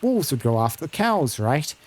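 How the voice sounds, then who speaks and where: A man's voice: on the high side, very animated, moderate pace. A gloomy country herder from a fantasy game who rambles in folksy, ungrammatical talk, as a man plays him. He sounds close to an everyday man's voice. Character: rustic middle-aged male cattle herder, gloomy.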